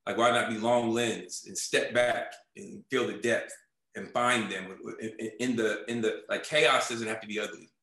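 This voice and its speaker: A man's voice: on the low side, fairly even intonation, moderate pace, creaky, pushed and bright, roomy sound, low-quality recording. A man in an interview, telling his story casually and animatedly, acting out quoted dialogue and often saying "man.". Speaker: music video director, guest.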